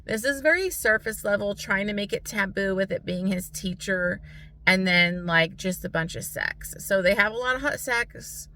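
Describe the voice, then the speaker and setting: A woman's voice: mid-range voice, animated, moderate pace, pushed and bright, a little hiss or hum. A young American woman giving a blunt, frustrated book review, swearing often and filling her talk with "like". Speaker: book vlogger.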